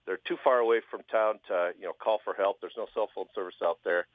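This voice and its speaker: A man calling in as a guest, telling a joke casually, with a halting delivery and many fillers. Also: lowish voice, dry recording. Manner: halting, lots of fillers, lively. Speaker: phone-in guest, joke teller. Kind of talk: casual storytelling. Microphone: phone. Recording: tinny phone line.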